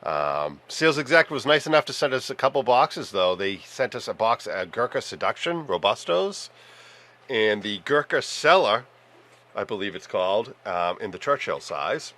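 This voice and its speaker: A man's voice: on the low side, sing-song, normal speed, fairly bright tone. A man co-hosting a podcast, chatting casually in an easygoing way with many fillers. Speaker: podcast co-host. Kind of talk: casual chat.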